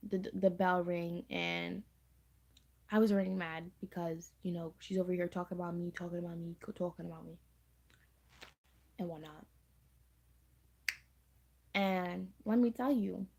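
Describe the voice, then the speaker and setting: A woman's voice: lowish voice, vocal fry. A teenage girl telling a storytime to camera in a chatty, slangy way, repeating her phrases. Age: teens. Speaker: storytime vlogger. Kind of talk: casual storytime vlog.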